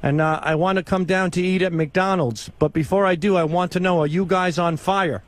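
A man's voice: high voice, steady tone, normal speed, close to an everyday voice. A man voicing a male prank caller who puts on a foreign accent and asks blunt questions in broken English. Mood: mock-earnest.

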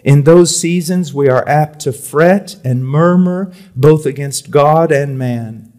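Male preacher with a slightly high voice; booming readings that drop into soft, intimate asides. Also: slow pace. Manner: swings from loud emphatic reading to quiet confiding tones; repeats words for emphasis. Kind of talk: sermon. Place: church or conference hall.

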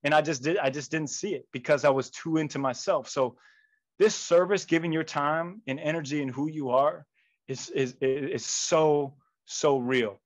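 Motivational speaker, male, fairly high voice, lively storyteller who acts out the people in his stories. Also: normal speed, low-quality recording. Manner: animated storytelling with quoted voices. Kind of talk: motivational keynote talk.

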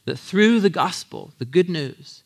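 Brief: man, 30s, sermon teacher, casual and animated, slightly higher pitch. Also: unhurried. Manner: animated, acts out quotes in lively voices; casual, conversational, laughs often. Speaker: pastor teaching a Bible series.

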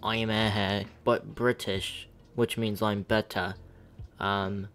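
A man's voice: on the low side, level tone, slow, fairly bright tone. A man voicing a cocky, mock-British version of himself, a gaming streamer chatting playfully on a livestream with a put-on British accent.

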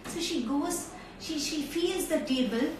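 A woman telling a story to children in an animated, direct way, streamed live from a phone. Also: high-pitched, unhurried. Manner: animated, talks straight to children. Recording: echoey room, far from mic, faint noise.

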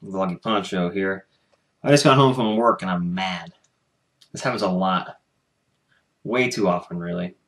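A man's voice: low voice, measured pace, pauses often. A young man from the United States in a casual vlog, venting angrily about his job and swearing as he talks to his camera at home. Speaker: vlogger.

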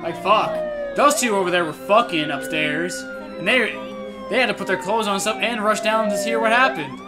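A man's voice: high-pitched, normal speed. Male reaction YouTuber, sarcastic and profane, film score under him. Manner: sarcastic, swears a lot. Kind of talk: casual profane reaction commentary. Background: film music playing.

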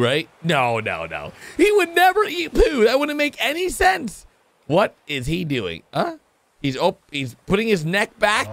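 A man with a fairly high-pitched voice hosts a reaction video, excitedly commenting on a cartoon and shifting between hushed asides and shouts. There's slight background noise.

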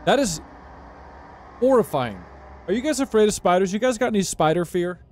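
A man's voice: high-pitched, quick pace, a little mellow, slight background noise. An American man giving live gameplay commentary as a streamer, chatty and reactive, talking to his viewers and yelping when startled. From United States.

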